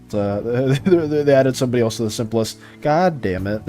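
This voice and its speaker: This art streamer chats casually with viewers while he draws, laughing often and repeating himself. His mid-range voice is animated and brisk with a dark tone, and faint music plays behind him.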